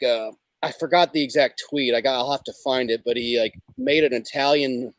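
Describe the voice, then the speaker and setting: A man's voice: medium pitch, brisk, no echo. A man hosting a casual comedic livestream, rambling and hesitant, with lots of fillers. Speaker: show host.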